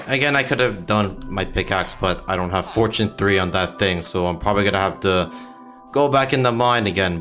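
A young man giving casual gameplay commentary, frustrated and swearing often. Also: sits low. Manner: frustrated, swears a lot, swings into loud outbursts. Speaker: gaming streamer.

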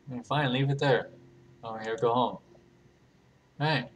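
A man's voice: medium pitch, moderate pace, long pauses, slight background noise. Playful man narrating a game. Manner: playful, laughing, thinks aloud. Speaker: gaming channel host. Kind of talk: casual game commentary.

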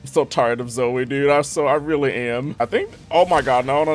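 A young man giving lively gameplay commentary, talking to the game characters with frequent exclamations. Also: mid-range voice, moderate pace, few pauses, faint music behind. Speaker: gaming YouTuber.

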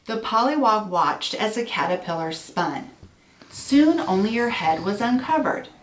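Woman teacher, storytime read-aloud, slow and expressive, off-mic in an echoey room. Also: medium pitch, far from the mic, a little hiss or hum. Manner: gentle, asks children questions. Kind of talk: reading a picture book aloud to children.

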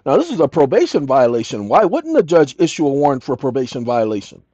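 Lively, emphatic older man storyteller. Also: medium pitch, quick pace, no room sound. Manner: emphatic, repeats key lines for effect. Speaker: channel host. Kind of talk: storytelling monologue. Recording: dull lo-fi audio.

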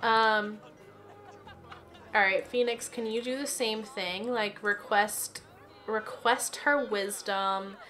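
A woman's voice: medium pitch, steady tone, slow pace, a bit bright, soft background music. A woman chatting casually through gameplay commentary from her home office, giggly and filling her talk with "like" and "um". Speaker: let's play gamer.

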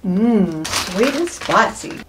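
A woman's voice: mid-range voice, expressive, slow, over music. A woman chatting casually through a food taste test, enthusiastic and playful, with savoring sounds between bites.

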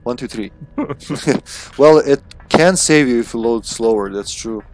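A man live-streaming a co-op game, chatting casually, laughing often and thinking out loud. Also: medium pitch, unhurried. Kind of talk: casual co-op gameplay chat.

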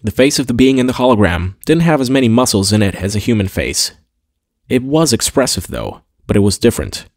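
A man narrating a science-fiction audiobook in a steady, clear storytelling manner. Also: mid-range voice, brisk, no room sound, studio quality. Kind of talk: scripted narration.

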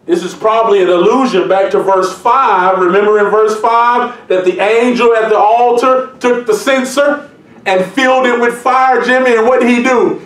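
A man preaching a sermon as pastor, reading scripture aloud and breaking into jokes and lively asides. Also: extremely high pitch, normal speed, far from the mic. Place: church. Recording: echoey room, mic from afar.

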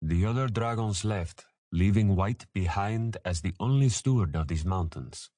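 A man voicing a powerful, caring grown man who speaks softly, proudly and gravely in a storybook. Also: low voice, moderate pace, no echo, studio quality, close to an everyday voice. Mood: solemn.

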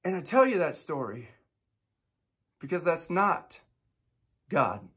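A pastor in his thirties preaches a devotional in an easy, conversational manner. He tells stories warmly and with energy, and his voice sits slightly high for a man. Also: slow pace, husky. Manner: storytelling with animated impressions of his kids. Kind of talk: devotional sermon.

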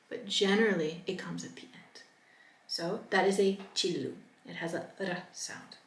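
A woman teaching a language lesson, upbeat and modeling sounds slowly and clearly for learners to repeat. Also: mid-range voice, far from the mic. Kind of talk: pronunciation lesson. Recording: echoey room, a bit off-mic.

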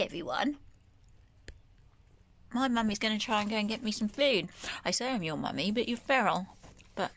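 A woman's voice: mid-range voice, a bit bright. A woman filming herself outdoors on a phone, chatting fondly and coaxingly to a cat. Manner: coaxing, fond pet talk. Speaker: vlogger feeding a feral cat. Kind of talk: casual chat to a pet.

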